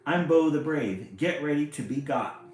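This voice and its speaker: A man voicing a brave, boastful little girl adventurer, declaring loudly. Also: fairly low pitch, sing-song, normal speed. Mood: commanding. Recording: very echoey room, faint music.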